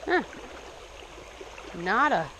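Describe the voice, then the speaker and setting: A man's voice: sits high, drawn-out words, a little hiss or hum. Laid-back Midwestern guy fishing a stream. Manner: excited outbursts when hooking fish. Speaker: fishing vlogger. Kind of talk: casual outdoor vlog narration. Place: outdoors by a small stream. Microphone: action camera. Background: running stream water.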